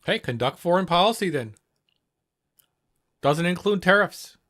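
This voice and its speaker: A man's voice: high voice, lively intonation, measured pace, fairly bright tone. A man hosting a livestream who reacts to a clip with heated, sarcastic, profanity-filled commentary. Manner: heated, sarcastic, swears constantly.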